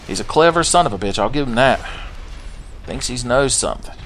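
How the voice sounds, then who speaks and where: Crude, animated gamer man. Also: medium pitch, slight background noise. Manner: crude, joking, does quick silly voices for game characters. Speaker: gameplay commentator. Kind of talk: casual let's-play commentary.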